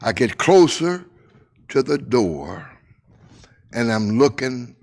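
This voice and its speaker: Recalling his childhood, an older man speaks in a mid-range voice marked by big pitch swings. He repeats phrases, lets dramatic pauses hang, and grows hushed during tender moments.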